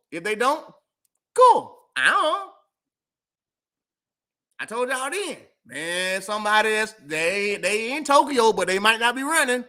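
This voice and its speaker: High, animated man ranting casually. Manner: emphatic, repetitive, slangy. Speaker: vlog host.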